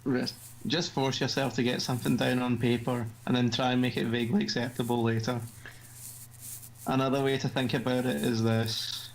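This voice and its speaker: A man with a Scottish accent voicing a crude, bossy girl club president in a mocking deadpan. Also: medium pitch, normal speed, a little hiss or hum, natural voice, low-quality recording. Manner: foul-mouthed, mocking, deadpan.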